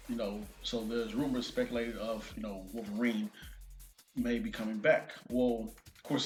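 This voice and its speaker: A man hosting a casual movie news vlog, reading an article aloud and breaking off with excited asides. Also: mid-range voice. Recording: roomy echo.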